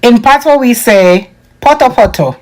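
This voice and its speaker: Jamaican woman, fairly high voice, playful casual chat with patois bits. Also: lively intonation, unhurried, darkish tone. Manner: playful, slips into patois examples. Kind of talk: casual word comparison video.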